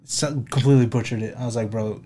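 A young man co-hosting a casual football podcast, trading crude banter and bursting into loud mock yells. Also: medium pitch, fairly even intonation, fast talker. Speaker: podcast co-host. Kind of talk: casual chat.

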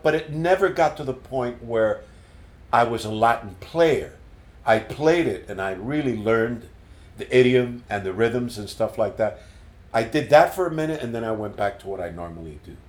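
An older man being interviewed as a musician, telling stories in an animated way and repeating words as he recalls them. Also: medium pitch, normal speed. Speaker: guest musician. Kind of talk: casual storytelling interview. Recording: roomy echo.

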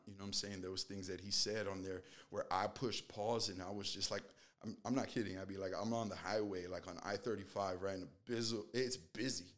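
Male guest, testimony, casual and earnest, rambling with fillers, voice sits a bit low. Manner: rambling, earnest, fills with "you know"; acts out quoted dialogue. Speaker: guest sharing a faith testimony.

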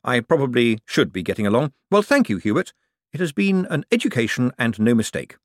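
Brief: man as a smooth, teasing young con man, lively, swooping pitch. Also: fairly quick, no echo, studio quality, natural voice. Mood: glib. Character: quick-witted, smooth-talking young male con man.

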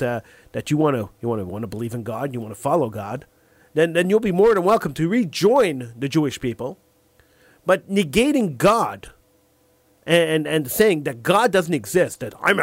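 An opinionated man hosts a call-in talk show, his voice slightly high and swooping through a lively pitch range. He stumbles over repeated words as he hunts for a phrase. The sound is dry and close, with no room echo. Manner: acts out imagined callers in quick back-and-forth. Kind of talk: call-in radio talk monologue.

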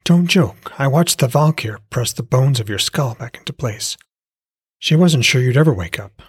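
A caring young innkeeper woman tends her hurt lover, gentle yet firm as she scolds him to rest, as a man puts her on. Her voice sits a little higher than the reader's own, husky and dry, close to the mic. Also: animated, normal speed, dry recording.

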